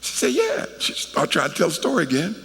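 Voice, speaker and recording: Animated preacher man in a ringing hall. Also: fairly high pitch, rapid-fire, gravelly. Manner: animated, folksy, conversational preaching with asides to the crowd. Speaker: guest preacher. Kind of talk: storytelling sermon. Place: large worship hall at a church conference. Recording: reverberant hall.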